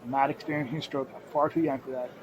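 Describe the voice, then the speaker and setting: A man's voice: medium pitch, level tone, rapid-fire, poor audio. A man co-hosting a casual podcast, joking and filling gaps with "uh" and "um". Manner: joking, filler-heavy. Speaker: podcast co-host. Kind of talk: casual chat.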